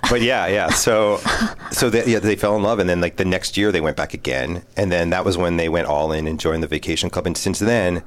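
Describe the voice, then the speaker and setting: A man's voice: deep voice, a little fast. A middle-aged man telling family stories in a casual chat, often breaking into laughter.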